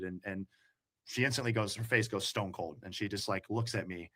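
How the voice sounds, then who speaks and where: A man's voice: on the low side, steady tone, fast talker, sharp tone. A man as an interview guest, telling a personal story in a rambling way with many fillers and restarts.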